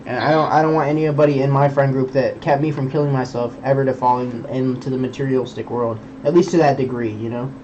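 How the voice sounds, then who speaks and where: Szybko mówiący młody mężczyzna, przeklina i moralizuje. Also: male voice, mid-range voice, fairly even intonation, fast, hardly any pauses, darkish tone, muffled recording, slight background noise. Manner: rambling, profane, preachy. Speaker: streamer. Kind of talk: casual chat.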